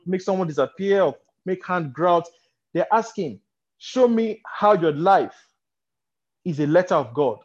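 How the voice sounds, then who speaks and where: Nigerian male preacher, higher-pitched, fires off rhetorical questions, dull lo-fi sound. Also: darkish tone. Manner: rhetorical questions, bursts of laughter. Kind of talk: teaching sermon, livestream. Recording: dull lo-fi recording.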